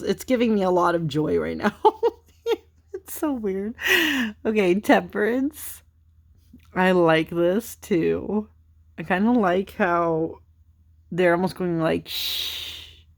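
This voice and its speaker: A woman's voice: fairly low pitch, measured pace, creaky, darkish tone. A young woman casually chatting through a deck of cards, rambling with lots of fillers, giggling, tired and yawning late at night. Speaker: tarot channel host. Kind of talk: casual chatty card flipthrough.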